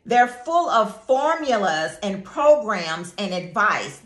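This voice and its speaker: A woman with a high-leaning voice, big pitch swings and a slow pace preaches an emphatic devotional sermon and prayer. She repeats phrases and calls on listeners to say words back. The room is echoey, with faint music behind her.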